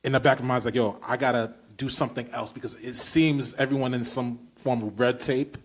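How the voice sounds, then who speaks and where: A man's voice: medium pitch, steady tone, a little fast. A man with a Brooklyn accent hosting a podcast, talking emphatically and stringing long questions together. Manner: emphatic, enthusiastic, piling up run-on questions. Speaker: podcast host. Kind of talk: casual podcast conversation.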